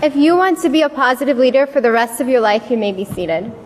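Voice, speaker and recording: A young woman, slightly high-voiced, tells a personal story to a congregation. She acts out the voices of the people she remembers. Her voice carries a long reverb from a large worship hall. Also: quick pace, background noise. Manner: storytelling, acting out what people said. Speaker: youth speaker at a church service.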